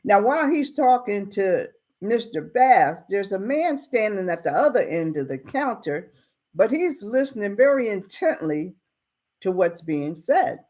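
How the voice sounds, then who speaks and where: A woman casually retelling a story in a colloquial, unhurried way. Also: medium pitch, big pitch swings, warm tone.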